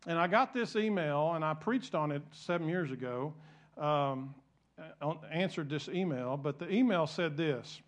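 A man's voice: a little high, animated, measured pace. A middle-aged man preaching a sermon in church, telling a folksy story with frequent restarts and asides to the congregation. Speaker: pastor.

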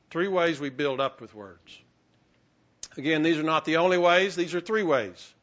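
A man preaching a sermon as pastor in a conversational, halting way, with many restarts and fillers. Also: fairly high pitch, sharp tone, dull audio.

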